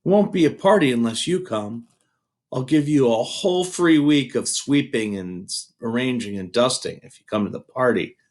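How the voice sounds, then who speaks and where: A man's voice: medium pitch, animated, normal speed, a little mellow, natural voice. A man voicing an eager, lonely young girl who pleads earnestly. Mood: pleading.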